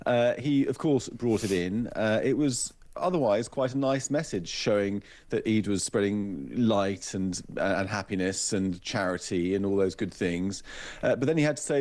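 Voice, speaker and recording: A man gives a radio interview as an author and guest commentator. His voice is fairly low and mellow, and he speaks in a measured, pointed way with dry scorn. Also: animated.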